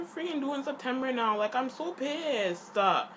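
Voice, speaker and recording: A woman's voice: sits high, lively intonation, moderate pace, hardly any pauses, fairly bright tone, slight background noise, poor audio. Frustrated young woman ranting to camera. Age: young adult. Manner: upset ranting, heavy use of "like". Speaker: vlogger. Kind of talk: casual venting to camera.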